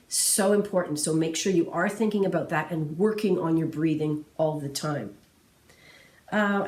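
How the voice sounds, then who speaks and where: A woman giving a singing lesson, explaining diction, phrasing and breathing in a clear, encouraging, methodical way. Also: on the low side, a little mellow. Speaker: vocal music instructor. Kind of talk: instructional talk to singers. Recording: roomy sound from a distance.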